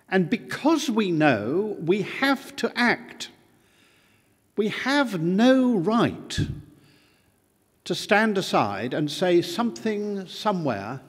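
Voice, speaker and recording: Older man from Britain, conference speaker: high, animated pitch, deliberate emphatic delivery, long hall reverb. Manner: measured, emphatic oratory with slow pauses. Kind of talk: formal speech. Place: large town hall.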